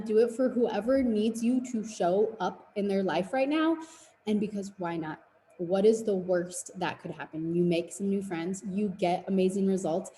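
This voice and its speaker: A woman's voice: on the low side, mellow, echoey room, slight background noise, low-quality recording. A woman in her twenties, a fitness business coach, giving an earnest, encouraging webinar presentation. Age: 20s.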